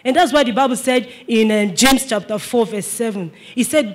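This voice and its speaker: Speaking at a moderate pace in a very high voice, a man preaches a sermon with emphasis. He repeats his points and calls out for the congregation's response.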